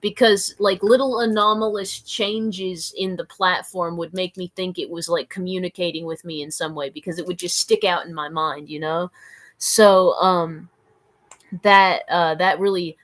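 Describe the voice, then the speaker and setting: A woman's voice: on the low side, fairly even intonation, normal speed. A woman from the American South rambling through a live stream, giggling, mocking herself and answering viewer comments. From Southern United States.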